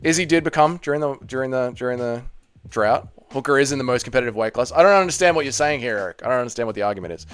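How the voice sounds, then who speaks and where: A man's voice: medium pitch, lively intonation, very fast, a bit bright, clear, resonant tone. A young man hosting a live stream watch party, ranting heatedly and swearing while reading and answering chat. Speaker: streamer host.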